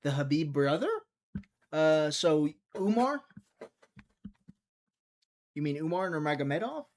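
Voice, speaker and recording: A man's voice: on the high side, lively intonation, a little slow, a little mellow. A young man from Mississippi, rambling and joking as he hosts a casual live stream and answers chat. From Mississippi, USA. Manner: rambling, jokey, reads and answers chat aloud.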